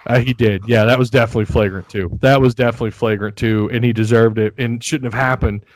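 A man's voice: medium pitch, fairly even intonation, quick pace, dry recording, poor audio. A man from Arkansas with a light Southern accent, hosting a casual sports podcast, rambling and laughing often. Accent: Northwest Arkansas Southern. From Fayetteville, Arkansas. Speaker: podcast host.

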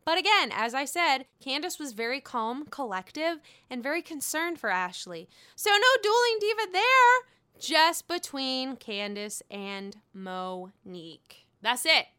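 A woman's voice: on the high side, expressive, a little slow, few pauses, pushed and bright, smooth. A woman casually recapping a reality show, gossiping, swearing freely and often laughing.

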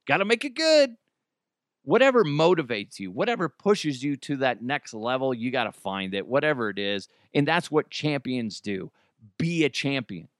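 A male podcast host gives an animated motivational talk, joking and swearing freely as he goes. His voice sits at an ordinary pitch, and the sound is close and dry. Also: no echo.

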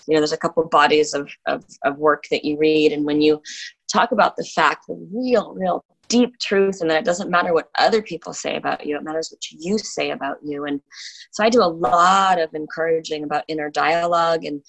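Middle-aged woman, fitness instructor, lower voice, earnest and encouraging, some restarts. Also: a little fast, creaky, poor audio. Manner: earnest, encouraging, repeats words. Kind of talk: casual chat.

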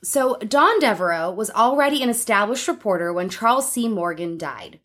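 A woman's voice: medium pitch, expressive, normal speed, fairly bright tone. A woman hosting a casual true-crime podcast, telling a story and laughing often. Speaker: podcast host.

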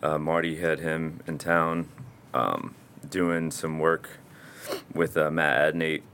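A man's voice: rumbling low, flat delivery, slow pace, a bit bright, slight background noise. A young man talking casually and rambling about his mural work, with frequent swearing and laughs. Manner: laid-back, rambling, swears and laughs often. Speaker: muralist guest. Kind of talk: casual chat.

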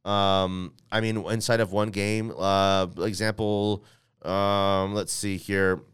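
A man hosts a casual sports podcast, rambling and correcting himself with plenty of fillers. His voice sits fairly low and comes through very smooth and clean. The sound is dry and close, with no room around it. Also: little pitch movement, takes it slowly, fairly bright tone, no echo. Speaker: podcast host. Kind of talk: casual podcast talk with ad read.

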